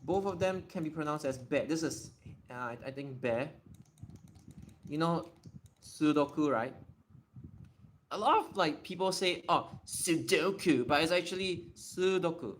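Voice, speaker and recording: A man's voice: on the high side, fairly bright tone, a little hiss or hum. A man hosting a casual live Q&A, thinking aloud, repeating and restarting words as he tests how they sound. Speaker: livestream host. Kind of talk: casual live Q&A explaining Japanese readings.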